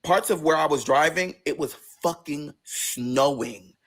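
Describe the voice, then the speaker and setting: A man telling a personal story in a casual, profane way, his pitch swinging between low, quiet stretches and high, excited bursts. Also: measured pace. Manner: acts out quoted voices in a high register.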